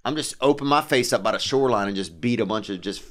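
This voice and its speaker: A man's voice: fairly low pitch, lively intonation, fast, a crowd in the background. A man co-hosting a podcast in casual, joking chat full of slang and riffs. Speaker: podcast co-host.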